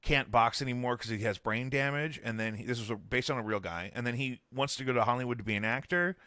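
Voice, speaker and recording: A man's voice: mid-range voice, quick pace, bright, forceful tone, no room sound. A man hosting a podcast in casual chat, rambling and joking with lots of fillers. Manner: rambling, jokey, full of fillers. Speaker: podcast host.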